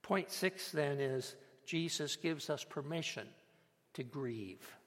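A man preaching a sermon as a pastor, measured and emphatic, with dramatic pauses. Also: a little high, lively intonation. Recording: long hall reverb.

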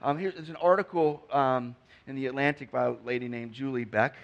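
A man's voice: mid-range voice, a little fast, muffled recording. A man preaching a conversational sermon, acting out the figures he quotes. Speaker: pastor.

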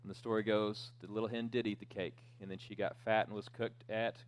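A man preaching as pastor, telling a children's story with asides and jokes in a relaxed, conversational way. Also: on the low side, fairly quick, clear, resonant tone. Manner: joking storyteller, lively and conversational. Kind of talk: sermon.

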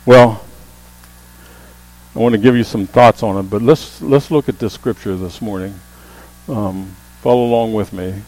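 A man preaching a sermon as a pastor, with emphatic calls that rise to the congregation and a low hum under the voice. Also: measured pace, a little mellow, rough recording. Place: church sanctuary.

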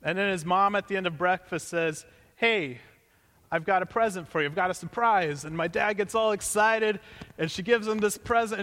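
A man's voice: high voice, a bit bright, big-room sound. A young male pastor telling a joking personal story as part of a sermon, in a conversational way.

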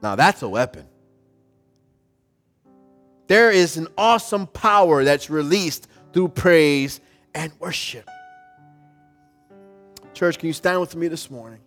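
A man preaching a sermon as a pastor in a church service, telling a story and building to loud exhortation. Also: a little high, animated, slow, long pauses, soft background music.

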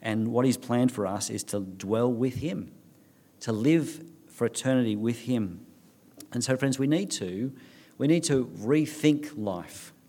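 A man's voice: medium pitch, a little slow, warm tone. Earnest male pastor preaching. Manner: earnest preaching with restarts, reading scripture aloud. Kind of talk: sermon.

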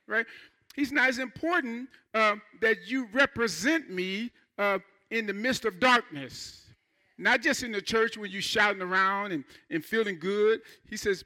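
Bright high-voiced male preacher. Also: moderate pace. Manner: fervent preaching with call-and-response. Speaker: pastor. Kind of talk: sermon. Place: church.

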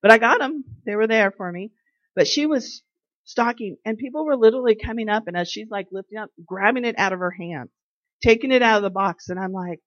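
A woman's voice: medium pitch, a little fast, no room sound. Chatty woman giving a faith talk. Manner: chatty storyteller who acts out quoted people. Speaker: devotional speaker. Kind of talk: casual faith talk with anecdotes. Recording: dry, slightly dull recording.

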